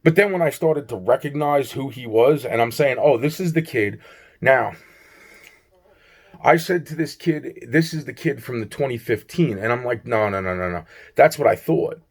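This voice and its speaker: A man's voice: medium pitch, normal speed, slightly rough. A man recounting a strange encounter in a rambling, profane way, acting out both sides of the dialogue and repeating himself often. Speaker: vlogger. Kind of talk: rambling personal storytime.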